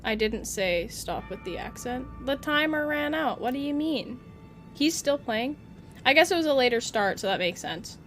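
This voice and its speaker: A woman's voice: sits high, animated, normal speed, a bit bright, faint music behind. A young woman streaming a game, chatting playfully with her viewers and teasing the character on screen. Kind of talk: live gameplay commentary.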